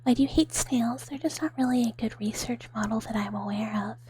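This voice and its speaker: A woman streamer doing a whispered role-play, chatting softly with viewers in a breathy whisper and giggling often. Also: fairly high pitch, brisk, slight background noise. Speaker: ASMR streamer.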